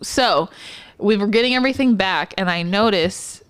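A woman's voice: medium pitch, moderate pace, fairly bright tone, smooth. A woman co-hosting a podcast in casual chat, telling a hospital story bluntly with swearing.

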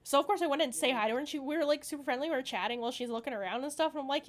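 A young woman rambles through a casual podcast chat, full of fillers and quick laughs. Her voice sits a little high. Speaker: podcast co-host.

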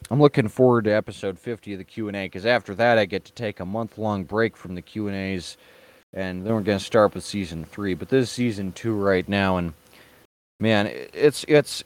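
A man's voice: fairly low pitch, no echo. A man hosting an online show, giving casual and sarcastic reaction commentary in a mocking tone. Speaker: online video host.

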